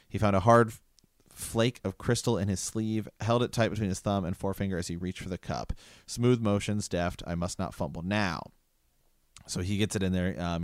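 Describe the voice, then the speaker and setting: Deep smooth-voiced man chatting. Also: dry recording, studio quality. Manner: animated, reads book passages aloud. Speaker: podcast co-host discussing a book. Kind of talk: casual chat with read-aloud passages.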